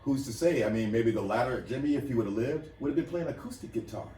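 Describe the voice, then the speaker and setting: A man's voice: mid-range voice, animated, fast talker, noisy background. A man co-hosting a casual group chat show, joking and teasing the others. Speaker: podcast co-host. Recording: roomy sound from far off the mic.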